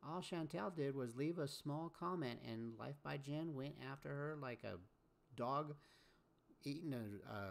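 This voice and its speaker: Gravelly man scolding in commentary. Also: mid-range voice. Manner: scolding, repeats catchphrases like 'amen'. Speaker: commentary host. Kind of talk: casual reaction commentary.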